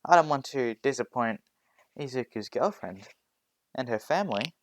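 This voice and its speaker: A man's voice: mid-range voice, expressive, moderate pace, dry recording, close to an everyday voice. A man voicing a playful, nosy middle-aged mother who teases her son. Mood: teasing.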